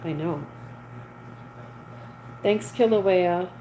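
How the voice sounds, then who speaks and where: A woman's voice: on the low side, very slow, dark tone, slight background noise, rough recording. A woman hosting a casual livestream, chatting with viewers and reading their comments aloud. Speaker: livestream host. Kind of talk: casual live chat with viewers.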